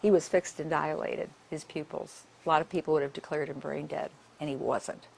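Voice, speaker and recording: A woman's voice: sits low, fairly even intonation, normal speed, creaky, a little mellow. An older woman, a nurse, giving a public talk and telling her stories in a conversational way with many asides.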